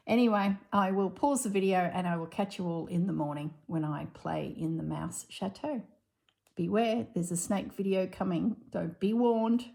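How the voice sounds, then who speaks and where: Mellow-voiced woman, chatty. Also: medium pitch, gravelly. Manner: chatty, laughing, rambling storytelling. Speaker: crafting vlogger. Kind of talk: casual chat while crafting.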